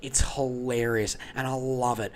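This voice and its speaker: An Australian podcast host ranting casually and swearing freely. He rambles with animated energy at a middling pitch. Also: a little slow. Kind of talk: casual comedic rant.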